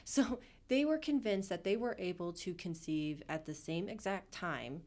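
A woman with a somewhat low voice co-hosts a casual podcast. She retells what she watched animatedly, slipping into quoted voices and cursing freely. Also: normal speed. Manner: animated storytelling, swearing, acting out quotes. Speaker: podcast co-host. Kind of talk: casual chat.

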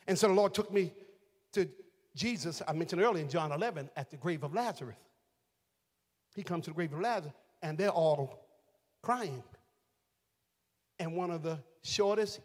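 A man a sermon as pastor, moving from quiet, reflective storytelling to shouted, sing-song calls to his congregation. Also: sits high. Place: large church sanctuary. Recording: long hall reverb.

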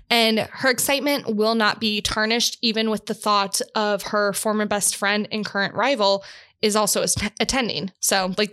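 A woman co-hosting a casual bookstore podcast, playful and quick to laugh. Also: mid-range voice, a bit bright. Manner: bubbly, giggly, playful. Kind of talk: casual chat.

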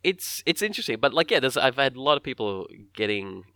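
Podcast dude rambling, lots of restarts, dry close sound. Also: male voice, medium pitch, big pitch swings, quick pace, sharp tone, no room sound. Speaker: podcast co-host. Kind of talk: casual chat.

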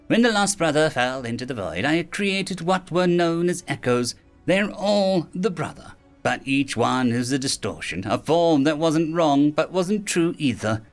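A man's voice: a little high, expressive, unhurried, soft background music. A man voicing a mercurial ancient female fairy who swings from bubbly to snappish. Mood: airy. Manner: bubbly then snappish, theatrical.

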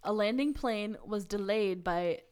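A woman's voice: medium pitch, measured pace, smooth. Giggly woman chatting on a podcast. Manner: giggly, animated storytelling. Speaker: podcast co-host. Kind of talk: casual chat.

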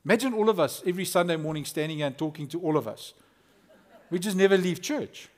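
A man preaching a lively, conversational sermon as a pastor, acting out quotes. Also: fairly high pitch.

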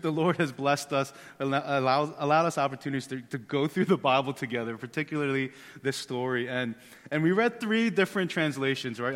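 A man in his thirties with a medium-pitched voice preaches a sermon as a pastor. His delivery is relaxed, joking and conversational, and he often repeats words. The recording carries a long hall reverb.

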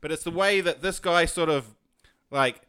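A chatty male podcast co-host with a bright, crisp voice who laughs often. The recording is dry and close. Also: fairly high pitch, moderate pace, no echo. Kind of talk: casual chat.

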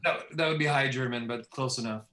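A Canadian man from Steinbach, Manitoba, an author, guests on a casual podcast interview, chatting easily with light laughs. His mid-range voice runs a little fast and sounds pushed and bright, recorded in an echoey room.

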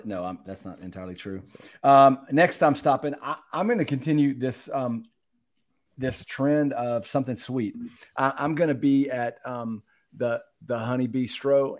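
A man co-hosting a podcast, talking in halting starts with a dry sense of humor. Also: mid-range voice. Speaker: podcast co-host. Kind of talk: casual chat.

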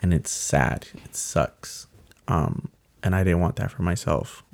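Low gravelly-voiced young man. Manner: earnest, halting, filler-heavy. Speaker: guest telling his story. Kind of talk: casual personal storytelling.

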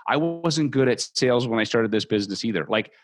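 Fast-talking, encouraging male coach. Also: mid-range voice, expressive. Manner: earnest and encouraging, addresses listeners directly. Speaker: host and mortgage brokerage trainer. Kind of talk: motivational training talk.

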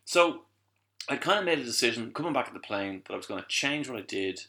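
A middle-aged Irish man tells his story in a lively podcast chat, animated and quick, throwing himself into the voices of the people he quotes. His voice sits low with a gravelly fry. It has a bright, forceful edge. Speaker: guest, voice actor and musician.

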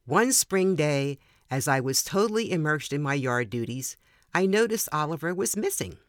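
Older woman, author, reads a personal anecdote in a measured, gentle manner with a dry close mic. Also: low voice, expressive, no echo. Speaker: author reading her own story. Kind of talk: personal story reading.

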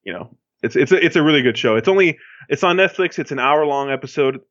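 A man's voice: fairly high pitch, animated, fast talker, fairly bright tone, dry recording. A man from Miami, a podcast co-host, talking in a loose, rambling way with lots of fillers and restarts. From Miami, Florida. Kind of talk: casual chat. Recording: dull lo-fi sound.

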